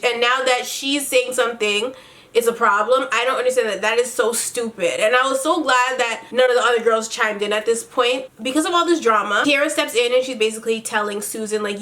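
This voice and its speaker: A woman's voice: on the high side, fairly bright tone. A woman vlogger recapping a reality show in casual commentary, sassy and blunt with lots of swearing, doing her makeup as she talks.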